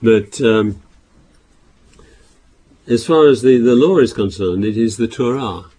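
A man preaching a sermon, reading scripture aloud louder and explaining it with halting restarts and repeated words. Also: medium pitch, lively intonation, husky.

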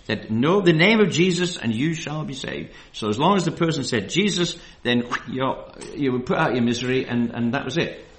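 A man preaching a Bible study sermon. He reads verses slowly and with emphasis, then drifts into loose, filler-heavy asides. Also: medium pitch, a bit bright.

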